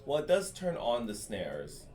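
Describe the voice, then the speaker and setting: Male color commentator, mid-pitched, measured and analytical. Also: huge pitch swings, darkish tone, recorded from a distance. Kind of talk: live game commentary. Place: card shop.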